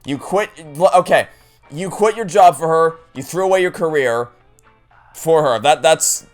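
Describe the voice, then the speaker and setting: A man's voice: mid-range voice, clean tone. Indignant young man ranting over a game. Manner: exasperated, indignant, rambling restarts. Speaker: let's play gamer. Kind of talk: ranting gameplay commentary.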